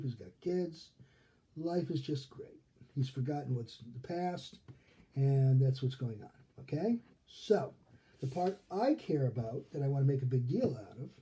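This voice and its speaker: Dark-voiced man teaching a Torah lesson. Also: mid-range voice. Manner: conversational, checks in with frequent "okay?"; acts out quoted characters in his retelling. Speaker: rabbi. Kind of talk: casual Torah study lesson.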